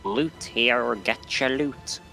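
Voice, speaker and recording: A man's voice: mid-range voice, takes it slowly, creaky, bright, forceful tone, soft background music. Dry-witted man gaming. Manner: dry, teasing remarks. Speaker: gamer on a stream. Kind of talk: casual chat while gaming.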